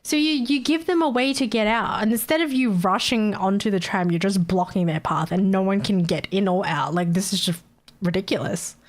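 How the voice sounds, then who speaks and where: A woman's voice: mid-range voice, normal speed. A woman streamer chatting casually, ranting with frequent swearing and laughter. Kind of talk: casual live-stream chat.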